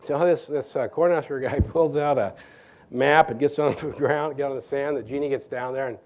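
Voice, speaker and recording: A middle-aged man from Nebraska giving an evening lecture as guest speaker, halting with many restarts and chuckling through his anecdotes. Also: medium pitch, darkish tone. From Nebraska, USA.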